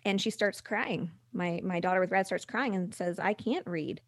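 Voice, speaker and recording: A middle-aged woman speaking candidly as a guest, halting and restarting, sometimes acting out what others said. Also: medium pitch, no echo, studio quality. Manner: candid, halting with restarts, acts out quoted voices. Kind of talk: conversational podcast interview.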